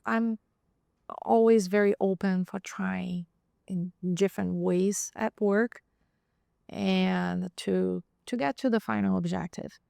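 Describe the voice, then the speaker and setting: A woman's voice: mid-range voice, steady tone, slow, gravelly, a little mellow, dry recording, clean studio sound. A woman who is a podcast guest, talking reflectively and a little hesitantly in a casual roundtable chat. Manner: reflective, hesitant, with frequent ums.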